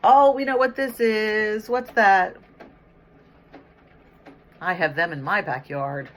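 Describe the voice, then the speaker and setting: Taking it slowly in a medium-pitched, steady voice, a middle-aged woman reads a picture book to young children as their teacher. She prompts them with questions and praises their responses, and the audio carries a slight hiss or hum.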